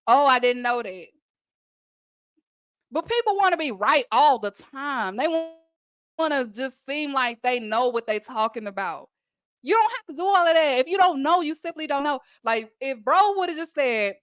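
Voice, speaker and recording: Texan lady doing a chatty wrestling podcast, kinda high voice, keeps saying y'all. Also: fairly bright tone, smooth, dry recording. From Texas. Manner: chatty, addresses listeners as y'all, emphatic. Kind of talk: casual wrestling recap.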